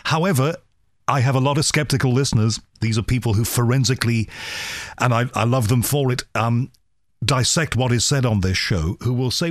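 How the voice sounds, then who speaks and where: A man hosting a podcast interview, asking questions in a measured, deliberate way. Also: mid-range voice, no echo, clean studio sound. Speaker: podcast host.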